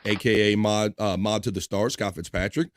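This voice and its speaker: A man's voice: lowish voice, fairly even intonation, heavy background noise. A man hosting a livestream, reading out and teasing chat comments in a hyped, joking way. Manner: hyped, teasing, quick shout-outs. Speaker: livestream host.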